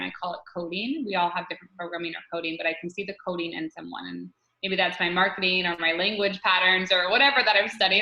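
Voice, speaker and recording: A woman coach giving animated, spiritual interview answers, often restarting her sentences. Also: mid-range voice, echoey room, muffled recording. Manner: animated, spiritual, repeats herself. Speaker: guest coach.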